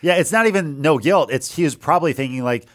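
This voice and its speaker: Fast-talking man with dry quips. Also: on the high side, lively intonation, a bit bright. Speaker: podcast co-host. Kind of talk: casual comedy chat.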